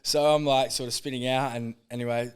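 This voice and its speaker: A man's voice: medium pitch, steady tone, fairly quick, clear, resonant tone. A young Australian man, a former footballer, telling stories in casual chat, laid-back, swearing freely and laughing through his anecdotes. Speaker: podcast guest, former footballer.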